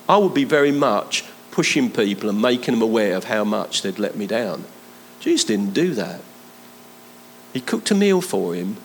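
A man delivers a sermon in a church, his voice sitting at an ordinary middle pitch. He piles up repeated phrases for emphasis, then slows and lifts his voice to drive each point home. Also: creaky, slight background noise, poor audio. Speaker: preacher.

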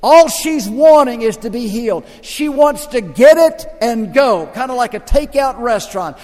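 An older man preaching a sermon as the pastor, telling stories dramatically and swinging between loud and hushed. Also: extremely high pitch, expressive, moderate pace, few pauses, long reverb tail.

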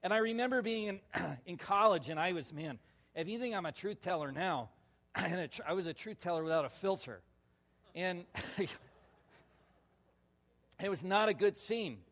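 A male pastor telling a personal story in a sermon, animated and laughing, with sudden loud shouts. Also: sits high, normal speed, pauses often. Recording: long reverb of a large hall.

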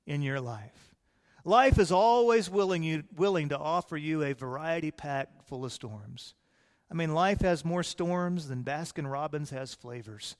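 A man preaching a sermon as a pastor, telling the story vividly and acting out the characters' lines. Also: high-pitched. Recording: long hall reverb.

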